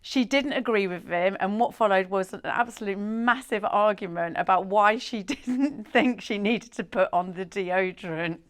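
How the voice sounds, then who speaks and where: A woman's voice: medium pitch, normal speed, few pauses, clean tone. A woman co-hosting a talk show, telling stories in a casual chatty way and often breaking into laughter. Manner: giggly storyteller, laughs mid-story. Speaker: co-host. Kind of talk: casual chat.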